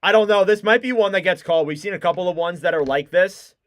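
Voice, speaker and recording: A young man calls a hockey game live as a fan streamer, his voice high and bright with a smooth, clear tone. He rattles off the play and bursts into shouts when the action peaks. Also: fast talker. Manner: excitable, shouts and cries out on big plays.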